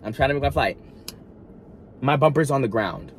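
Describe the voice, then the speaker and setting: A man vlogging a storytime, talking straight to his viewers in an animated, dramatic way, full of asides and restarts. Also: mid-range voice, moderate pace, slight background noise. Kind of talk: storytime monologue.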